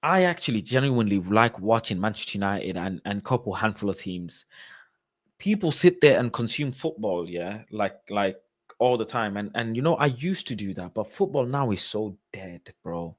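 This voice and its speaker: A man's voice: lowish voice, big pitch swings, normal speed, no room sound, studio quality. A man hosting a call-in show, chatting casually, reading out viewer comments and arguing his points emphatically with lots of repetition. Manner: emphatic, repeats points for stress.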